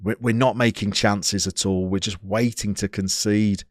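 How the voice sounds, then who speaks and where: A man's voice: lowish voice, moderate pace, no echo, studio quality. Chatty man streaming a game. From England. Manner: chatty and playful, with sudden excited outbursts. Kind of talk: live stream commentary, chatting with viewers.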